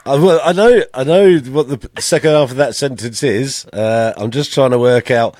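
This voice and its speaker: A man's voice: medium pitch, moderate pace, a little mellow, no room sound, clean studio sound. A man co-hosting a casual podcast, guessing playfully and laughing easily. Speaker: podcast co-host.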